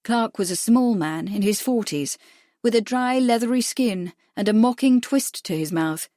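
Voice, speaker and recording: A woman narrating an audiobook mystery in a measured, even reading, close to the mic. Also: fairly high pitch, no room sound. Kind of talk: scripted narration.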